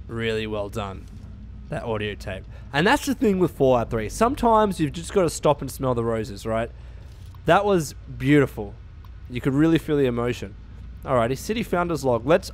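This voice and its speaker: A man giving casual, profane gameplay commentary, excitable and quick to laugh. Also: mid-range voice, a little hiss or hum. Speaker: let's play gamer.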